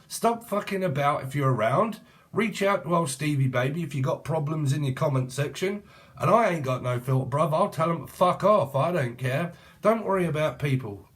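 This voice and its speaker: A man's voice: on the high side, lively intonation, brisk. A British man in his forties giving a rambling, jokey tarot reading full of swearing and sudden sing-song asides. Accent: British English. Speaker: tarot reader.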